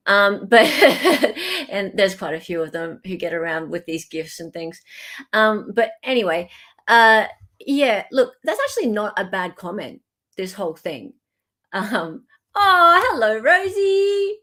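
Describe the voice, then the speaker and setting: A woman's voice: medium pitch, big pitch swings, measured pace, a bit bright. An Australian woman hosting a livestream in casual chat, reading out viewer comments, thanking viewers by name and laughing often. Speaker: livestream host.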